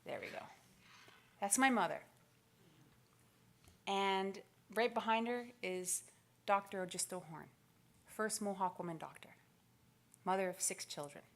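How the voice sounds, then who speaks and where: A woman in her forties giving a motivational keynote speech, telling stories with lively acted-out quotes. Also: mid-range voice, unhurried, pauses often. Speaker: keynote speaker. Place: conference stage.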